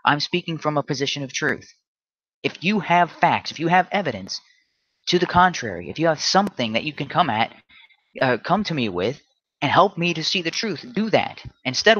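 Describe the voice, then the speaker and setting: A combative man ranting alone on his livestream, tripping over his words and restarting as he pushes his points. His voice sits at an ordinary middle pitch. The sound is dry and slightly muffled, like lo-fi stream audio. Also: a bit bright, no echo. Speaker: livestream host. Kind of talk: solo livestream rant.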